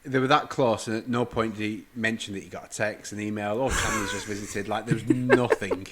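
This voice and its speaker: A man's voice: lowish voice, steady tone, brisk, background noise. A man co-hosting a podcast in casual chat, throwing in wry, teasing quips. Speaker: podcast co-host.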